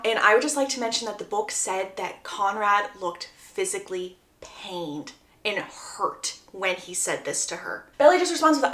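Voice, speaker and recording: Young woman gushing through a book plot, bit high voice, roomy echo. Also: expressive, normal speed, a bit bright. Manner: chatty and enthusiastic, quoting characters in passing. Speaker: book summary creator. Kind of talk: casual retelling of a novel's plot.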